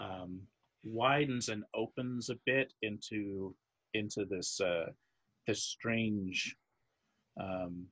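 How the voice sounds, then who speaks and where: Brief: male dungeon master, slow drawl, halting scene narration, dry close sound. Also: fairly low pitch, a bit bright, husky, no room sound. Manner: halting, searching for words while describing. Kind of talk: narrating a tabletop game.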